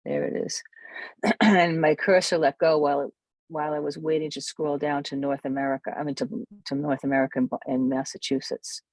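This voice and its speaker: Workshop presenter, casual walkthrough, mid pitch with some vocal fry, self-correcting as they demo. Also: flat delivery, fairly quick, a little mellow, no room sound. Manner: thinks aloud, self-correcting while demonstrating. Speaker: camera club workshop presenter.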